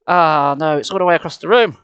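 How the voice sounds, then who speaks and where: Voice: medium pitch, a little fast, a bit bright, clear, resonant tone, no room sound, dull audio. Sweary streamer on a headset. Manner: chatty, swears freely, self-mocking. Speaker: streamer reading a book aloud. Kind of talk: casual live-stream chat.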